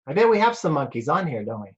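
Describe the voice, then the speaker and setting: A rabbi reading a picture book aloud to children over a video call, slow and playful, asking them questions. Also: male voice, a little high, very animated, muffled recording.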